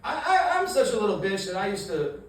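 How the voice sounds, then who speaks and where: A man's voice: sits high, very animated, a little fast. Rambling young man doing stand-up, echoey. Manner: rambling, self-mocking, lots of fillers and restarts. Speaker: stand-up comedian. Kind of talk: stand-up comedy set. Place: comedy club stage. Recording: echoey room mic heard from far off.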